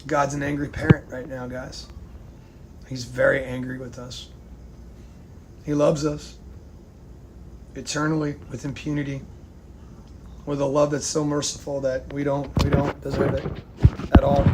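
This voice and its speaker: Man, gravelly voice, angry profane vlog rant, loud to hushed swings, light background noise. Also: mid-range voice, flat delivery, a little slow, pauses often. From United States. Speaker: vlogger. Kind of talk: emotional rant to camera.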